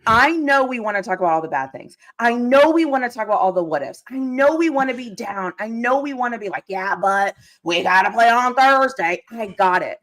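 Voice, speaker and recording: Woman host, excited fan rant, lively swinging pitch, higher voice. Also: fast talker, few pauses. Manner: excited, animated fan ranting with laughter. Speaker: podcast host. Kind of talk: live sports recap chat.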